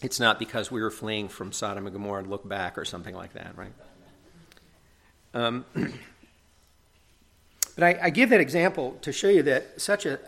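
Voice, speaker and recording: A man's voice: medium pitch, a bit bright. A middle-aged man preaching a sermon in an earnest, conversational way, often checking in with tag questions.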